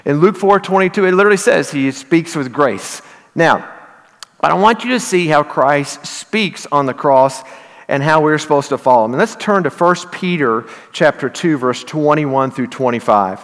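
Earnest Western Kentucky preacher in a hall. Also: male voice, fairly high pitch, expressive, normal speed, fairly bright tone. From Southern Illinois. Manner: earnest, conversational, builds to emphatic peaks. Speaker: pastor. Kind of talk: sermon.

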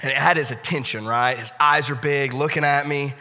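Bright-voiced pastor telling a story. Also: male voice, medium pitch, fairly even intonation, a little fast, hardly any pauses. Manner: storytelling, hushed and then loud. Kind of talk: sermon. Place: church. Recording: echoey church hall.

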